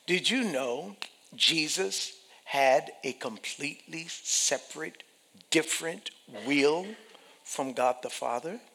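A man preaching a sermon, swinging from hushed whispers to loud, shouted passages. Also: fairly high pitch, slow, creaky, long reverb tail. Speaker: pastor.

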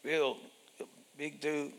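Gravelly preaching man in reverberant hall. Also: a little high, level tone, very slow. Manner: preaching with big swings from whispers to shouts. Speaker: pastor. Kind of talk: sermon.

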